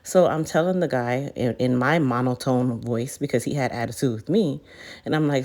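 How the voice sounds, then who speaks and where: Deep, mellow-voiced woman vlogger. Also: moderate pace. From United States. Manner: chatty, addresses viewers directly. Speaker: hair care business owner. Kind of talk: casual storytime vlog.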